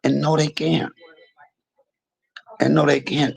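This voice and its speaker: A man live-streaming from a hospital emergency room bed, talking in an animated, preachy way and repeating himself as he speaks to his viewers. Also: on the high side, slow pace, creaky, pauses often, crowd noise, poor audio. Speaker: livestream host. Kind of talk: casual live stream talk.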